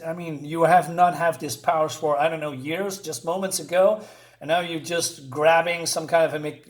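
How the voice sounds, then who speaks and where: Chatty, sarcastic man reviewing a comic. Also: on the high side. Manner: chatty and sarcastic, with frequent fillers and asides. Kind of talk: casual spoken review.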